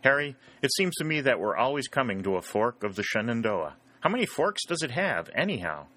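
Guy doing a teasing young soldier, bright and light. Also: mid-range voice, very animated, fairly quick, pitched above the performer's own voice.

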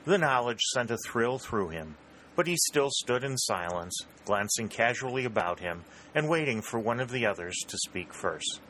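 A man narrating a historical novel in a steady, even storytelling manner. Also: medium pitch, moderate pace, a little hiss or hum, low-quality recording. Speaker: audiobook narrator. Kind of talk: scripted narration.

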